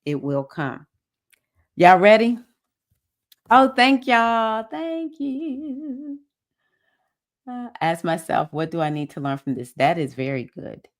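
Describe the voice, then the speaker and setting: Host: Southern woman, slightly low voice, upbeat and encouraging, reading comments on a webcam live stream. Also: moderate pace. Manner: warm, encouraging, reads comments aloud and cheers viewers. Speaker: spiritual teacher hosting a live session. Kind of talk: casual live-stream chat.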